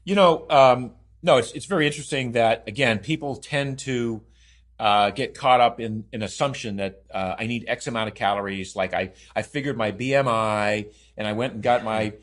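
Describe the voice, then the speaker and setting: A man's voice: medium pitch, moderate pace. A man talking on a podcast as a guest and co-author of a diet book, emphatic and enthusiastic, stacking long lists with restarts and fillers. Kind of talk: casual podcast conversation.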